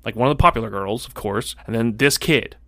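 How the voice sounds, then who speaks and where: A man's voice: medium pitch, a little fast, creaky, pushed and bright, no room sound. A young man hosting a casual podcast, telling candid, profane stories from school. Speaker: podcast host. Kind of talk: casual chat.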